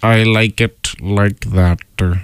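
A young man co-hosting a casual podcast, talking in a deadpan way and slipping into silly voices. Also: lowish voice, slow, smooth. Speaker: co-host.

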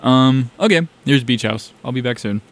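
With a medium-pitched voice at a moderate pace, a young man from South Carolina chats on his music show, wandering enthusiastically through thoughts on the tracks he just played.

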